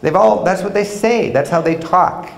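A man giving a public travel lecture in a university hall, telling stories in an animated way with wry humor. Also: high voice, moderate pace, gravelly. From United States. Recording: roomy hall sound.

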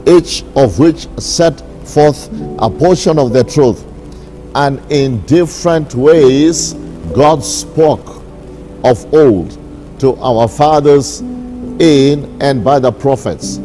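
A bishop preaching a sermon, repeating his declarations slowly and with emphasis. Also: mid-range voice, mellow, faint music behind. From Kenya.

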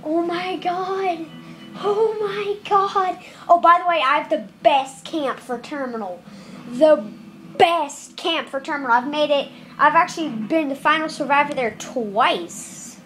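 A woman giving casual commentary over her own game, jittery and nervous that turns into shouted excitement, recorded on a camera filming the screen. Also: high voice, a little slow, faint music behind. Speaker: gameplay commentator.

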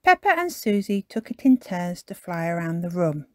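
A woman storyteller reading a children's storybook aloud with an expressive delivery. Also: on the low side, no room sound. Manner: slow and expressive.

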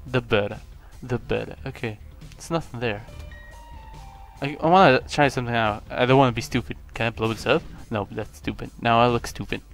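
A young man from Lithuania, a native Lithuanian speaker, giving rambling, self-mocking commentary on his own gameplay, with sudden excited yelps. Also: medium pitch, a little fast, vocal fry, soft background music. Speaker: gaming channel host.

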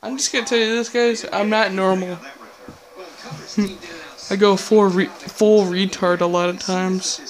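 A woman's voice: medium pitch, fairly even intonation, measured pace, long pauses, low-quality recording. A woman playing a video game, swearing and muttering her frustration in casual commentary. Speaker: gamer. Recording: loud game crowd noise behind.

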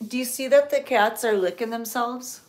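A woman touring a cat sanctuary in a casual vlog, cooing to the cats in high baby talk and sometimes whispering. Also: normal speed.

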